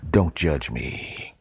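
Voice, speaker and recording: A man hosting a podcast, telling a comic story in a deadpan way with dramatic pauses and whispered asides. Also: a bass voice, husky, no room sound. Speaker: podcast host.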